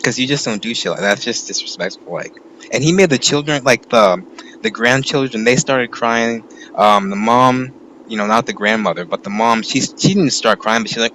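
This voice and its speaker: A man's voice: mid-range voice, animated, brisk, pushed and bright, a little hiss or hum, rough recording. A man hosting a podcast, telling a rambling, profane story in casual chat. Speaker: podcast host.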